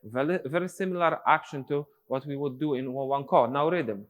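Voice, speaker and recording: A man's voice: mid-range voice, normal speed, few pauses, big-room sound. A male dance teacher, explaining steps and counting rhythms aloud in syllables. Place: dance studio.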